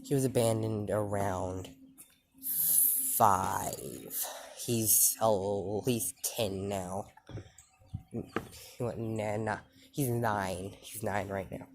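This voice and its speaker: A man's voice: fairly low pitch, background noise. A man telling an improvised fan-fiction story, rambling with many fillers and self-corrections.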